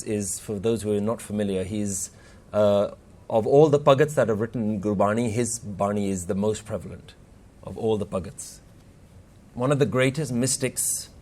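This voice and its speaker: A man's voice: lowish voice, a little mellow. A man giving an earnest spiritual workshop talk, telling stories and quoting scripture with rising and falling emphasis. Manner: earnest, rises and falls for emphasis, quotes scripture. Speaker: Sikh workshop speaker.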